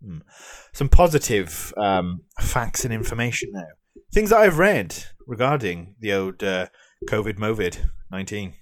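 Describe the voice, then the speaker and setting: A young British man rants in a loose, sweary vlog, trading sarcasm with plenty of ums and restarts. His voice sits low, and the sound is close and dry, with no room around it. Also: animated, normal speed, dry recording. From Britain. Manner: sweary, sarcastic ranting with many fillers. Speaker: vlogger. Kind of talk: ranting vlog.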